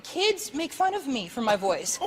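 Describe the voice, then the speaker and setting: A young man with a very high, light voice, chatting as a talk show guest, laughing often and stammering through restarts. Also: very animated, unhurried, long reverb tail, a crowd in the background.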